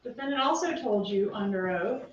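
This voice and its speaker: A woman prosecutor giving a closing argument to a jury, pressing her points with rapid rhetorical questions, heard through a distant courtroom feed. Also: medium pitch, lively intonation. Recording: roomy, distant, muffled courtroom feed with faint hiss.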